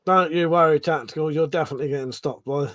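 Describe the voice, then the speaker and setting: A man's voice: on the high side, fast, a bit bright, no echo. A man hosting a casual late-night live stream chat, rambling, swearing a lot and laughing often.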